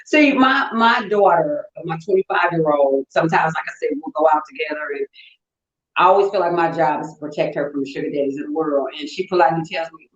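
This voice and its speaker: A middle-aged woman with a St. Louis accent, co-hosting a casual chat and telling playful, animated stories. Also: low voice, quick pace, reverberant, muffled recording. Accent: St. Louis, Midwestern US. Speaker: co-host.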